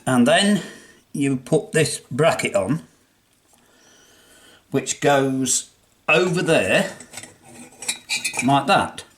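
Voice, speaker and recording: A man's voice: mid-range voice, animated, very slow, long pauses. An older man with an English accent, chatting his way through a workshop demonstration as he assembles something, talking himself through each step. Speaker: hobbyist restorer. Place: home workshop.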